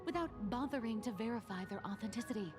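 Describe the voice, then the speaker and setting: A woman's voice: on the high side, fast, natural voice. An actress playing a sly, wry young woman in a game, telling gossip with a knowing tone. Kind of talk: game voice acting. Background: game music.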